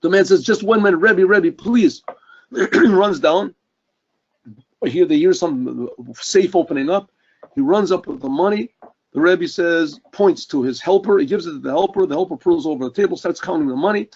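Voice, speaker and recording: A male rabbi telling a story in an earnest sermon, often clearing his throat. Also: on the high side, normal speed, a little mellow. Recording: dull lo-fi recording.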